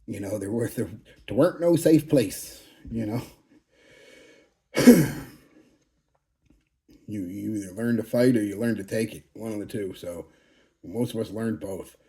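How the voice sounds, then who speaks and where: A fragrance channel host, a man in his forties, chats casually in a channel update monologue, his lowish, mellow voice unhurried and broken by long pauses. He's blunt and profane, rambling and restarting often.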